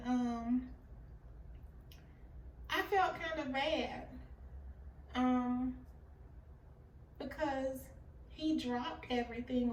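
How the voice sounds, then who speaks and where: A woman's voice: fairly high pitch, a little mellow, distant mic, a little hiss or hum. A woman telling a personal story in a casual, earnest and confessional way, acting out the dialogue as she goes. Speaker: vlogger sharing a personal story. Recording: roomy, off-mic recording with faint ambience.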